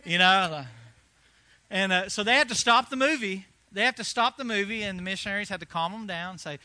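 A male pastor telling a story in a sermon, animated, swinging between hushed and loud delivery. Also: high voice, a little fast, dry recording.

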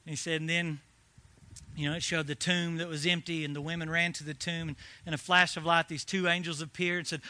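A male pastor telling a story in a sermon, animated, swinging between hushed and loud delivery. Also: on the high side, brisk, no room sound.

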